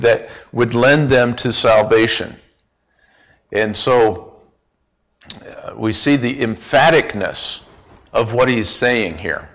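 A man teaching a Bible study lesson, speaking deliberately with frequent pauses and fillers, asking the group questions. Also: medium pitch, fairly bright tone, dull audio. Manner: asks the group questions and repeats answers.

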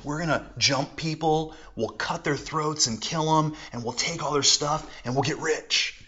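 A sneaky young highway robber, as a man puts him on, murmuring his plans in a low, conspiratorial hush. The voice has a slightly higher pitch than average and a dull, lo-fi sound. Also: unhurried. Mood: hushed, scheming. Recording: dull lo-fi recording.

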